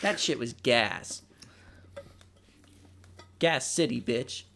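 A man's voice: mid-range voice, expressive, very slow, gravelly, a bit bright, slight background noise, exaggerated voice. A man voicing a young male skeleton who talks like a laid-back, slangy bro. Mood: bro-ish.

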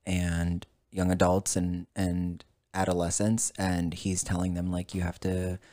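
Man, low voice, casual storytelling, animated, swears, plays out dialogue. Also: unhurried. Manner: animated, swears, acts out both sides of dialogue. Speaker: podcast guest.

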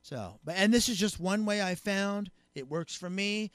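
A high-pitched man with a bright, ringing voice talks with animated, joking energy, slipping into quick character bits and raising his voice. The sound is dry and close. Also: clear, resonant tone, no room sound. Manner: animated, joking, acts out scenes in voices, gets loud. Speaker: guest co-host. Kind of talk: casual podcast chat.

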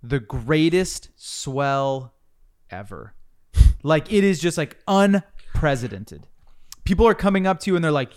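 A man's voice: on the high side, big pitch swings, unhurried, a little mellow, smooth. A man hosting a podcast, telling a long hypothetical story with casual swearing and a building of suspense. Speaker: podcast host.

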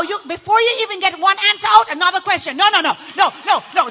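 A woman pastor teaching a church audience about marriage, animated and acting out how people complain. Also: very high-pitched, fast talker, dull audio.

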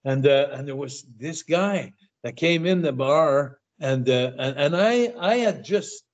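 An older man, a guest in an interview, telling animated anecdotes in casual talk, often stammering and repeating his words. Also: fairly high pitch, unhurried. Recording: dull lo-fi sound.

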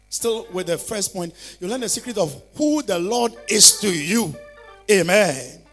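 A male pastor preaching a fervent sermon, calling on listeners to repeat declarations after him. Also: high-pitched.

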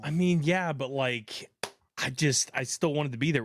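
A man co-hosting a podcast, playful and easily excited in casual chat. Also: on the high side, normal speed. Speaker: podcast co-host.

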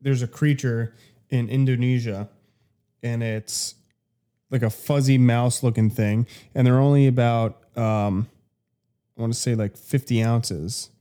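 A man's voice: medium pitch, steady tone, measured pace, mellow. A man co-hosting a casual podcast chat, telling facts playfully with many fillers. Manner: playful, confident, hesitant fillers. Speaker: podcast co-host.

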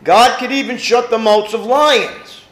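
Pastor guy preaching, real high voice that jumps all over, echoey room. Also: unhurried. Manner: animated preaching, rhetorical questions to the congregation. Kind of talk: sermon.

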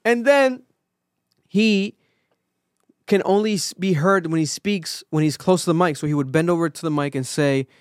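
A male podcast host in casual chat, telling a story with lively acted-out quotes and plenty of swearing. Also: fairly high pitch, normal speed, clear, resonant tone, no room sound, clean studio sound. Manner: animated storytelling, acts out quotes, swears freely.

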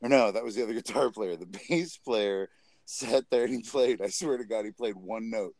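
A man's voice: on the low side, moderate pace, darkish tone, no echo. A man co-hosting a podcast, telling a rambling story with frequent laughs in a casual chat. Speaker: podcast co-host.

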